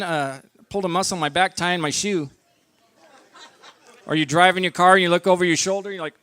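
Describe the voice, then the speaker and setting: A middle-aged man performing a stand-up comedy set at a barbecue lounge, telling stories in a deadpan way and acting out his own lines. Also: high-pitched, a little fast, pauses often, smooth.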